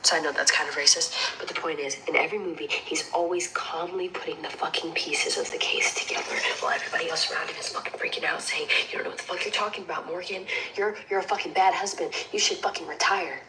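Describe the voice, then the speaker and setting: An actress playing a manic, paranoid young woman who rants in an intense hushed whisper and swears heavily, heard from a noisy replayed clip. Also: low voice, quick pace, hardly any pauses. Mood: hushed ranting.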